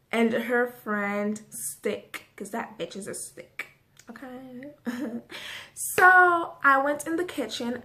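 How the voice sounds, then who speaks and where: A woman with a fairly high voice tells a personal story to her camera in a loose, chatty way. She is animated and swears freely, stringing her sentences together with "so" and "like". The delivery is casual and unscripted. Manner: animated, profane storytelling with frequent "so" and "like". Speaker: vlogger.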